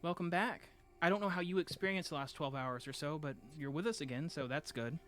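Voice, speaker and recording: A man's voice: fairly high pitch, brisk, fairly bright tone, lightly acted. A man voicing a blunt, weary male friend in a scripted audio drama, speaking in a dry, matter-of-fact way.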